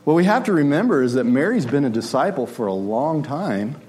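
A man's voice: mid-range voice, sing-song, fairly quick, a little mellow. A man preaching a sermon in a conversational way, often asking his listeners rhetorical questions.

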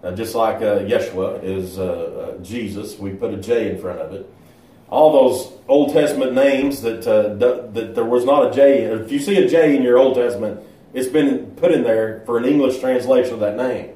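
A man teaching a Bible lesson in an unhurried, halting way, pausing often on filler sounds. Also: medium pitch, dark tone. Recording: echoey room.

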